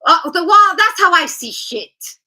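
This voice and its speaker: A woman's voice: very high voice, lively intonation, measured pace, bright, forceful tone, poor audio. A woman giving a casual tarot reading in a blunt, chatty, profane way. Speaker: tarot reader.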